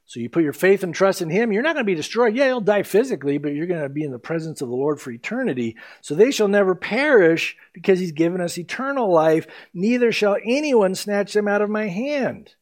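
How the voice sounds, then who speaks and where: High-voiced animated male preacher. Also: a little fast, hardly any pauses. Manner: animated, acting out scripture and voices. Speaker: pastor. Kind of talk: sermon.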